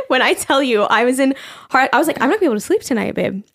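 A woman's voice: high-pitched, fairly bright tone. A young woman co-hosting a podcast, telling a story in casual chat, acting out quotes, laughing often and swearing. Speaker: podcast co-host.

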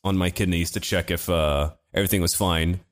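A man's voice: low-pitched, fairly even intonation, fairly quick. A young man, a podcast co-host, telling rambling stories in casual chat, full of fillers and swearing.

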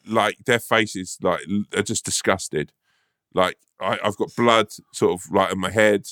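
This podcast co-host tells a sweary, laughing anecdote in casual chat. His voice sits on the low side, steady and measured, fairly bright, clear and resonant. The recording is dry and studio quality.

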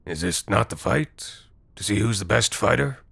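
A man's voice: medium pitch, expressive, moderate pace, gravelly, a bit bright, no room sound, full character voice. A man voicing an odd, confused middle-aged wanderer who speaks hesitantly.

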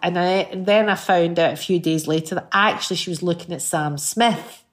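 A middle-aged woman with a Scottish accent, chatting as a guest and telling lively stories, acting out what people said. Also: fairly low pitch, brisk. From Scotland. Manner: lively storyteller who acts out quotes. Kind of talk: casual chat.

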